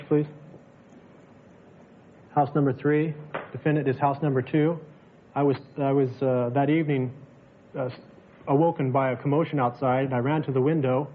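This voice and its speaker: Hesitant man testifying as witness. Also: mid-range voice. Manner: hesitant, full of "uh". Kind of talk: courtroom testimony. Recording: tinny broadcast audio with faint hiss.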